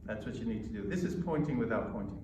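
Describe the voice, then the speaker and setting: An American man coaching an audience on presenting, emphatic and measured, pausing between points. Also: mid-range voice, expressive, recorded from a distance, background noise. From United States. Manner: emphatic, with pauses and demonstrations. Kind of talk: lecture to a live audience. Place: lecture hall. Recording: echoey hall recorded from afar.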